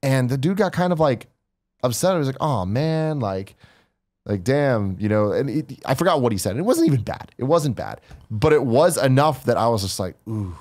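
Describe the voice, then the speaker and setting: A man's voice: medium pitch, very animated, fairly quick, darkish tone. A man co-hosting a casual podcast chat, telling stories and acting out quotes in a raised voice. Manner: storytelling, acts out quotes in a raised voice. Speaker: podcast co-host.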